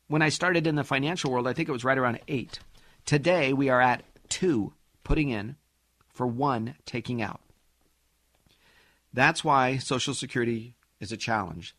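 Animated sarcastic man hosting talk radio. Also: mid-range voice, no echo, studio quality. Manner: animated, sarcastic, mocks others in put-on voices. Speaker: radio show host. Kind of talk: financial talk radio monologue.

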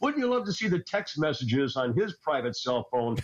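A man's voice: a little high, sing-song, normal speed, lo-fi sound, a crowd in the background. A man ranting on a talk radio show, agitated and scattered, stammering and laughing as he goes. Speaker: regular radio commentator. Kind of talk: animated political talk radio rant.

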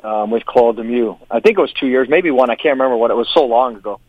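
A man talks hockey in quick, loose sentences that he keeps restarting. His mid-pitched voice comes through a tinny, phone-like line, and the sound is dry. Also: dry recording. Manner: fast, rambling, restarts sentences. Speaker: hockey coach and guest. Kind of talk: casual hockey chat.

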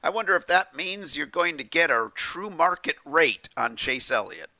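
A man co-hosting a racing talk show, sounding animated and jokey. His voice is gravelly and very bright, and it swings widely in pitch. The sound is close and dry. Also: moderate pace, dry recording. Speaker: podcast co-host. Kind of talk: casual sports talk.

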